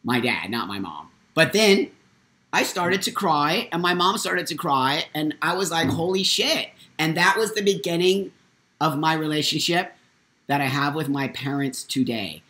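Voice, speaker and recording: A man hosting a live morning talk show, telling a personal story in a candid, blunt and animated way. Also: a little high, normal speed, a little hiss or hum. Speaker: host.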